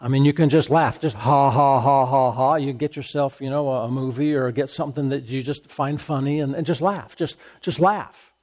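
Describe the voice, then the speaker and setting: A man preaching a sermon as pastor, emphatic and repetitive, with deliberate bursts of laughter. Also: mid-range voice, a little mellow.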